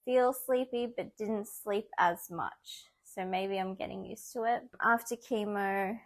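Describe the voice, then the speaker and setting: In a casual vlog, a young woman chats animatedly, often laughing as she acts out what other people said. Her voice is mid-range and her pace measured.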